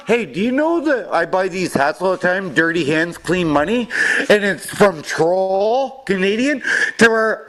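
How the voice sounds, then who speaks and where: High-voiced man on a profane rant. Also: expressive, unhurried, a bit bright. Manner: fired-up, swears constantly, rambling rant. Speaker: caller on a sports postgame show. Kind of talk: profane ranting sports talk.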